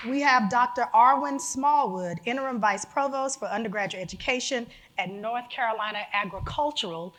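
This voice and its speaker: A woman's voice: a little high, moderate pace, few pauses, fairly bright tone, a little hiss or hum. A woman moderating a museum panel discussion, introducing guests in an upbeat manner with laughing asides. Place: museum auditorium.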